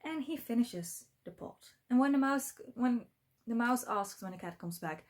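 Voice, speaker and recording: A woman's voice: mid-range voice, lively intonation, moderate pace, a little mellow. A woman telling a folktale in a chatty, informal way, with many fillers and asides. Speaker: storyteller. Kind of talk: casual folktale retelling.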